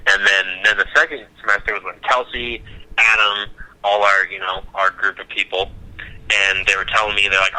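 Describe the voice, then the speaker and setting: A young man from Nebraska chatting casually on a podcast, telling animated stories and cussing freely. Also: on the low side, normal speed, poor audio. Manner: animated storytelling, acts out quotes, swears freely. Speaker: podcast co-host. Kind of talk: casual chat.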